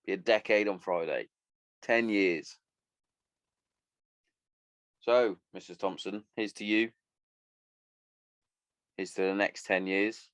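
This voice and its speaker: A man's voice: deep voice, clear, resonant tone, no echo. A man in his thirties hosting a solo podcast, rambling and swearing casually as he chats. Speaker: podcast host.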